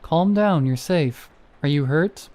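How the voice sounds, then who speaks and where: Man playing a chill folksy ranger, calming you down, bit higher voice, mellow. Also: takes it slowly. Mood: reassuring. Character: calm, reassuring male park ranger.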